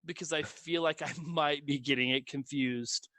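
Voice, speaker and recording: A man co-hosting a casual movie podcast from home, animated and quick to laugh with jokey asides. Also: a little high, dry recording. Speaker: podcast co-host. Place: his own room, recording remotely.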